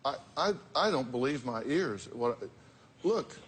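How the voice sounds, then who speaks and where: A man's voice: mid-range voice, lively intonation, unhurried, a bit bright, breathy edge. A man hosting a talk show, giving blunt, direct advice to guests in a lecturing way.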